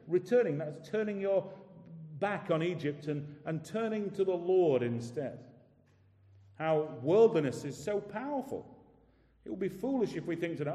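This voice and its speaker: A man preaching a sermon in a church, emphatic, asking rhetorical questions and slowing down for scripture. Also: mid-range voice, animated, dark tone. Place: church hall. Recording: echoey hall with long reverb.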